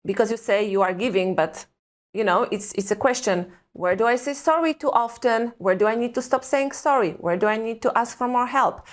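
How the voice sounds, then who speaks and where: A parenting coach from Eastern Europe appears as a podcast guest, speaking fairly quickly in a fairly high voice. Her reflective talk is earnest and emphatic, full of searching questions.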